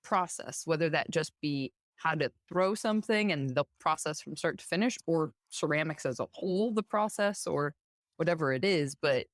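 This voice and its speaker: A woman's voice: low-pitched, animated, moderate pace, no room sound, clean studio sound. A woman hosting a podcast interview, who thinks aloud and talks her way through long questions. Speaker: podcast host. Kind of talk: casual interview.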